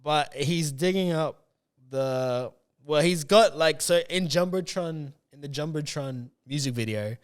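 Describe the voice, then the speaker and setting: Rambling man with a smooth voice. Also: a little high, unhurried. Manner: rambling, filler-heavy, often restarts his sentences. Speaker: podcast host. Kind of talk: casual chat.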